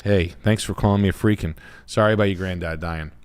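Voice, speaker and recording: Low-voiced, blunt, swearing realtor host. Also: male voice, fairly even intonation, fast talker, smooth. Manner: rambling, profane, blunt. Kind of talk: casual livestream chat.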